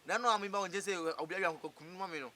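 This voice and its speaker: A Ghanaian man acting in a comedy film, talking back quickly and insistently. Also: high voice, pushed and bright. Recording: background noise.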